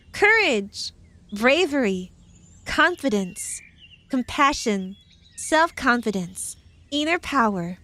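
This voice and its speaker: A woman's voice: fairly high pitch, fairly bright tone. A young woman streaming casually, giggling often and breaking off from reading tarot card meanings to chat playfully. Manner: reads tarot meanings aloud with asides. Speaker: virtual streamer.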